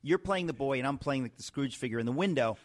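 A man from New York hosting a radio talk show, telling stories in a lively, animated way with many restarts. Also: mid-range voice, fast talker. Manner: animated storytelling with frequent restarts. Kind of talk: casual radio chat.

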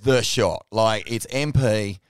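A man's voice: fairly low pitch, takes it slowly, clean tone, no echo, studio quality. A man hosting a casual chat, telling stories animatedly and swearing freely. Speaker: podcast host.

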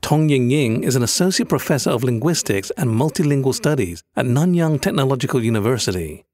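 British male host, scripted documentary narration, animated intonation, explanatory delivery. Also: mid-range voice, a little fast. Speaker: host and voice-over producer.

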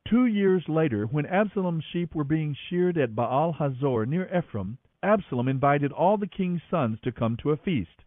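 Expressive man reading scripture aloud. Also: a little high, normal speed, few pauses, no echo. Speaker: Bible reader, podcast host. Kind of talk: scripted Bible narration. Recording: tinny phone-like audio, dry.

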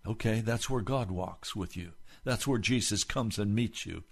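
A man's voice: fairly low pitch, moderate pace, hardly any pauses. A middle-aged man, a pastor, preaching a sermon with fervent rhetorical questions to his listeners.

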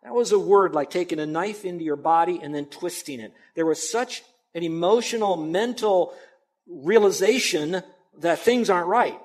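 A man's voice: high voice, moderate pace. A man pastor preaching a sermon in a conversational, emphatic way with asides to the congregation.

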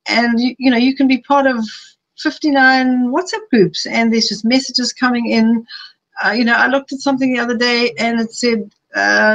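A woman's voice: fairly high pitch, a bit bright, highs cut off. Chatty middle-aged woman presenting a webinar. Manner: chatty, personal, builds rapid lists. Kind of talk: live webinar talk. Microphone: streaming live.

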